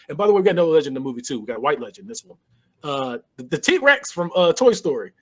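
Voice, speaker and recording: A man co-hosting a podcast, casually retelling a movie scene by scene and acting out the characters' lines with lively voice changes. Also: a little high, racing. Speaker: podcast co-host. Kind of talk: casual movie recap chat.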